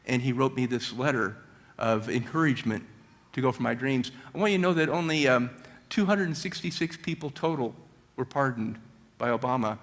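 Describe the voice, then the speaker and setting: A middle-aged man giving a motivational talk at a church, telling stories with high energy. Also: expressive, fairly quick. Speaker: guest speaker.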